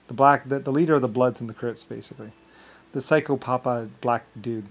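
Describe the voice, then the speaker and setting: Man, casual rambling monologue, stumbling restarts, repeated words, medium pitch. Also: fairly quick, low-quality recording.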